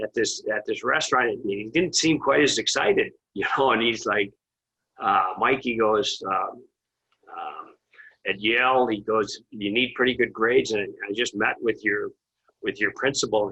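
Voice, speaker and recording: A man's voice: on the low side, gravelly, bright, forceful tone, dull audio. A man, a former assistant hockey coach, telling a rambling, chuckling recruiting story as an interview guest. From Minnesota. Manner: rambling, frequent restarts and chuckles.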